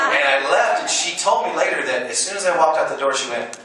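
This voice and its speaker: Animated middle-aged man telling panel stories. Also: on the high side. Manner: animated storyteller, laughs often, quotes others. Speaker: convention panel guest, voice actor. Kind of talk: anecdotal panel talk. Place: convention panel room. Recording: roomy hall recording from far off with noise.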